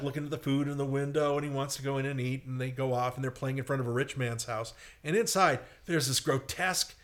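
A man in casual conversation, telling old cartoon plots with lively energy. His voice sits at an ordinary middle pitch. He breaks into squeaky little character voices now and then. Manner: animated storyteller, acts out squeaky cartoon voices in quotes. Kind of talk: casual chat.

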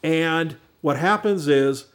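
A man's voice: on the high side, takes it slowly. Rambling middle-aged man telling stories. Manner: rambling storyteller with many restarts. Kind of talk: casual chat.

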